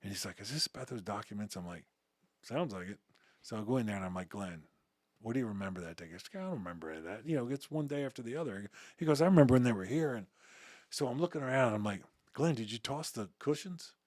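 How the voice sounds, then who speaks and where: Rapid-fire and somewhat low in pitch, this male interview guest spins casual, animated stories from his days as a uniformed security officer. He voices the dialogue he quotes and keeps restarting sentences. The sound is studio quality with no room sound.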